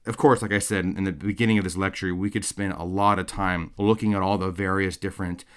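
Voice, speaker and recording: Man teaching a course lecture, slightly low voice, chatty, keeps asking okay, right. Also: little pitch movement, fairly quick, clear, resonant tone. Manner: conversational, filler-heavy, frequent "okay?" and "right?" checks. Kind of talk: recorded theology lecture.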